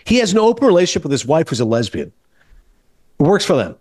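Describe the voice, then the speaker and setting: A man from Canada hosts a film podcast in a quick, rattling delivery. His voice sits a bit high for a man. He tells stories with animation and acts out other people's lines, in a dry, close room with no echo. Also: wildly swooping pitch, a little mellow. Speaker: podcast host. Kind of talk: casual film podcast chat.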